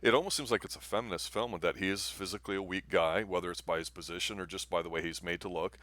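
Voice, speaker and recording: Low-voiced man chatting about movies. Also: fast, a bit bright, no room sound. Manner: rambling, enthusiastic, filler-heavy. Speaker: movie review co-host. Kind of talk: casual movie review chat.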